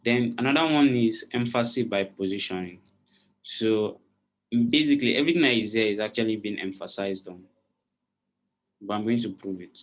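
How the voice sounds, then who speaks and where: Here a design instructor with a voice on the low side talks at normal speed. He leads a live online class, explaining each step and repeatedly asking students whether they're following.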